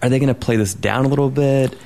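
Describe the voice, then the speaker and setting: A man's voice: mid-range voice, quick pace, vocal fry, darkish tone. A man in a casual film chat, explaining things at length with many restarts.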